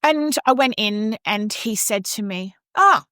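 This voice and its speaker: A woman's voice: medium pitch, a little slow, clean tone, no room sound, studio quality. A woman with an Australian accent, a podcast co-host and opera singer, telling a story in a casual chat and acting out the voices of the people in it. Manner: animated, acts out quoted voices.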